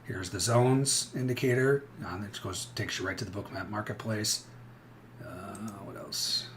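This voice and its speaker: Brash middle-aged guy chatting thru a live trading stream, lowish voice, faint room hum behind. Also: a little slow. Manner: blunt, brash and energetic, rambling restarts. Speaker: futures trader hosting a live trading stream.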